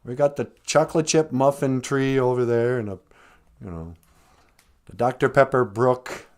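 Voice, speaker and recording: A man's voice: mid-range voice, moderate pace, slight background noise, pitched above the performer's own voice, close to an everyday voice. A man voicing a casual, offhand creator god laying down rules in a comic story. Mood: breezy. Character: breezy, easygoing male creator god.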